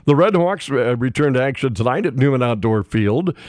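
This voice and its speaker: A man's voice: medium pitch, expressive, brisk, a little mellow, dry recording. A man hosting a sports radio show, chatting casually and reading local scores with folksy asides into a studio microphone.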